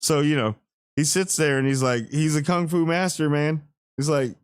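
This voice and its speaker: A man's voice: a little high, fairly even intonation, moderate pace, clean tone, no echo, studio quality. A man hosting a casual spoiler review, rambling and slangy with playful asides. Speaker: TV review channel host.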